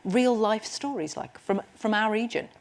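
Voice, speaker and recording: A woman presenting a local TV chat show, warmly thanking a guest and asking him questions. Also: mid-range voice, moderate pace. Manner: gushing, enthusiastic. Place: TV studio with live audience.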